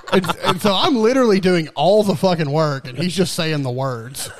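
A man's voice: high voice, a bit bright. A young man co-hosting a podcast, telling stories in casual chat with lots of swearing and laughter, acting out the voices of the people in them. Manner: profane, laughing storyteller who acts out voices. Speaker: podcast co-host.

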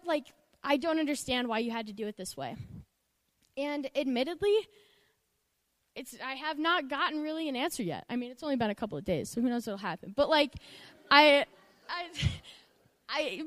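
A young woman giving a candid, emotional personal testimony, halting at times as she speaks to a group. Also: high-pitched, no echo, in a large hall. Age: young adult. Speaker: student speaker.

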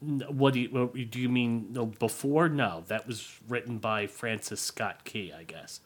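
A middle-aged man co-hosting a podcast in casual chat, explaining things with a dry, deadpan humor. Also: mid-range voice, unhurried, husky. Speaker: podcast co-host.

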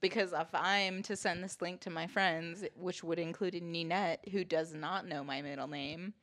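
A woman's voice: lowish voice, steady tone, moderate pace, fairly bright tone. A young woman guesting on a casual podcast, blunt and teasing, swearing freely.

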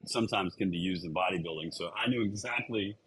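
Calm low-voiced man explaining. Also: quick pace, slightly rough, low-quality recording. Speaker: podcast co-host, coach. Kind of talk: casual chat.

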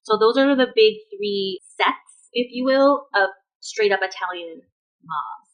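A woman's voice: medium pitch, lively intonation, a little slow, rough recording. A woman co-hosting a podcast in casual chat, chatty and opinionated, laughing often. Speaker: podcast co-host.

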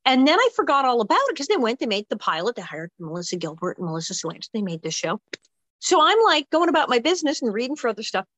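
Lively older woman telling a story. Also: a little high, no room sound, rough recording. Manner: lively, quick asides, plays out the people in her story. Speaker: actress guest. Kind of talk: animated anecdote telling.

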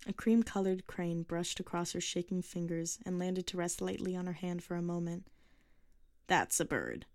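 A woman narrates a short story in a measured, even manner, her voice sitting fairly low. The recording is very dry and close, with no room sound at all.

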